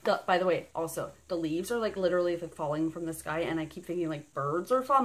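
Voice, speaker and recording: A woman's voice: lowish voice, quick pace, few pauses, slight background noise. A woman vlogging an unboxing in a casual, bubbly and rambling way, gushing over each item. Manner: bubbly and gushing, squealing with delight; rambling and chatty.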